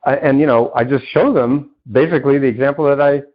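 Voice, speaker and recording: Animated man telling coaching stories. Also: medium pitch, fast talker, highs cut off. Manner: animated, acts out quoted people with a raised voice; loose, with many "you know" fillers. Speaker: podcast guest, success coach and author. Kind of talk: conversational interview storytelling.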